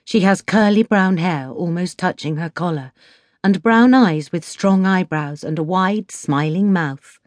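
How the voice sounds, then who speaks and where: A woman with an English accent narrating an audiobook in a measured, expressive way. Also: lowish voice, dry recording, clean studio sound. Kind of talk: scripted narration.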